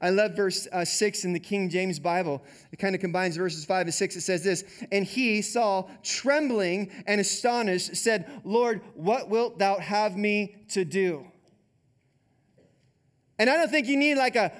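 Male pastor, high voice, chatty animated sermon delivery. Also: smooth. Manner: conversational, animated preaching with repeated "like".

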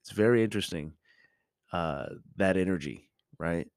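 A man's voice: low voice, lively intonation, moderate pace, darkish tone, clean tone, dry recording, studio quality. A middle-aged man hosting a podcast, talking in a casual, reflective monologue full of restarts and ums. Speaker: podcast host.

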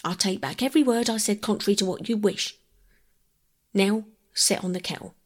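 Lady putting on gruff proud old workman, blunt rough dialect, breathy. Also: medium pitch, moderate pace, pitched above the performer's own voice, close to an everyday voice. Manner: blunt, dialect-heavy speech. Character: proud, gruff working-class man, older.

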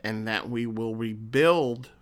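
A man's voice: on the low side, slow pace. A man hosting a podcast alone, a counselor who talks earnestly and encouragingly to his listeners, often restarting his sentences. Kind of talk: solo podcast monologue.

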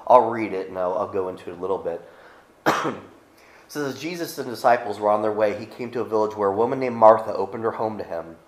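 A man's voice: lowish voice, roomy sound, poor audio. A middle-aged male pastor giving a sermon, reading scripture aloud and speaking conversationally with frequent restarts.

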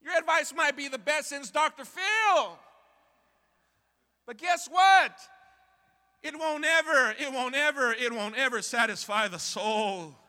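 A man's voice: extremely high pitch, measured pace, pushed and bright, big-room sound. A man preaching a sermon as pastor in a church sanctuary, impassioned and repetitive, calling out to the congregation.

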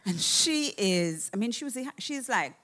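Animated woman telling a profane story. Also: mid-range voice, a little slow. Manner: animated, profane, acts out quoted voices. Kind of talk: casual anecdote telling.

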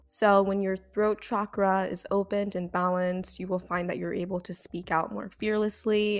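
A young adult woman hosting a podcast, giving casual advice in a chatty way that is full of "like" fillers. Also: fairly low pitch. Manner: chatty, frequent "like" fillers, breaks into laughs. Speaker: podcast host.

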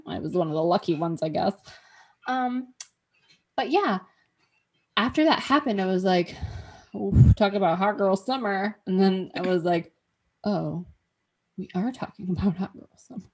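A woman hosting a podcast, telling a story in casual chat, animated, swearing freely and acting out what she said. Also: medium pitch, measured pace, pauses often. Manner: animated, swears freely, acts out her own past remarks. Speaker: podcast host.

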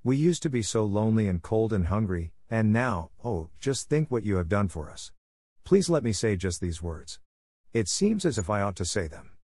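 A man voicing a gentle, hopeful young girl who speaks in an earnest, tender and polite way. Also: fairly low pitch, big pitch swings, normal speed, no echo, clean studio sound. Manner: earnest and tender, softly affectionate.

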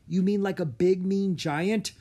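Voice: medium pitch, unhurried, mellow, pitched above the performer's own voice. A storybook narrator voicing a brave, earnest young boy on a quest.

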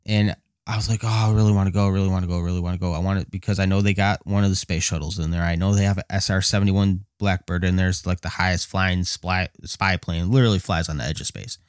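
A man telling a casual story, excitable, laughing often and acting out his own past lines. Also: sits low, quick pace, dry recording, studio quality. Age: adult with a child.

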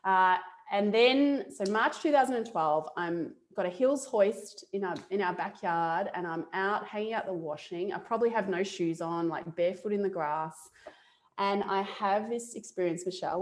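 Animated Australian woman telling her story. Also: medium pitch. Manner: animated, laughs often, acts out her own past thoughts. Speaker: interview guest. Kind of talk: casual storytelling interview.

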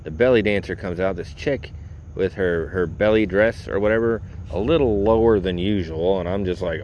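Low-voiced man rambling through a story. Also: normal speed, lo-fi sound, slight background noise. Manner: rambling, full of "you know" and fillers; acts out his own reactions in quoted asides. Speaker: podcast host. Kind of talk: casual storytelling monologue.

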